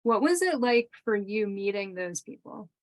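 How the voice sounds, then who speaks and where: A woman host interviewing a guest, asking questions in a soft, friendly way. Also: mid-range voice, sing-song, moderate pace, no room sound.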